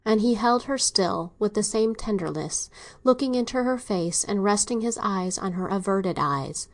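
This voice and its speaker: A woman narrating a classic novel in a steady, even storytelling manner. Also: medium pitch, normal speed. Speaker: audiobook narrator. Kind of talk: scripted narration.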